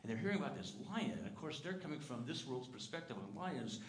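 A male pastor with a medium-pitched voice preaches quickly in a church sanctuary, his pitch rising and falling widely. He sounds earnest and conversational, asks the congregation questions, and sometimes stumbles over repeated words. The recording carries the echo of the sanctuary.

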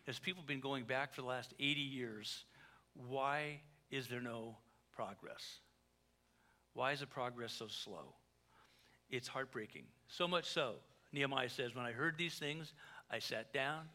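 Bright-voiced pastor preaching. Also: male voice, mid-range voice, unhurried. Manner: conversational, joking asides, dramatic swings in volume. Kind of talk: sermon.

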